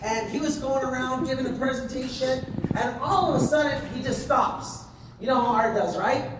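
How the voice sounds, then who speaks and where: A man giving an energetic motivational talk to a sales team, telling stories and checking in with his audience as he goes. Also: extremely high pitch, normal speed. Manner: animated, keeps checking in with the audience. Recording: very echoey room, voice from far off, noisy.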